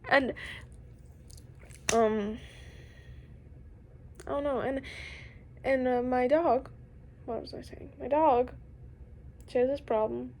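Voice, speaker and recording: A woman's voice: high-pitched, fairly even intonation, takes it slowly, pauses often, a little mellow, a little hiss or hum. A young woman vlogging a rambling, confessional monologue, often trailing off and sometimes dropping into a whisper.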